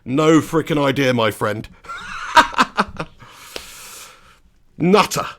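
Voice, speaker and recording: Watch-along host, raised pitch, gravelly edge, chatty, flares into excited calls. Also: male voice, a little fast. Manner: chatty, bursts into excited play-by-play. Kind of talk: live commentary and chat reading.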